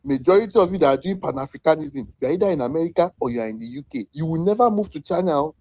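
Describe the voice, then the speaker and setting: A man's voice: a little high, lively intonation, rapid-fire, darkish tone, no room sound. A man with a Nigerian accent in a heated online debate, lecturing with profanity and mocking his opponents in sing-song quotes.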